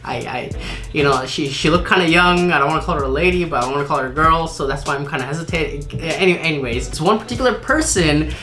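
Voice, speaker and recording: A man's voice: on the high side, fast, sharp tone, soft background music. A young man chatting casually in a vlog about his career, upbeat and a bit boastful, laughing often. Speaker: marketing vlogger.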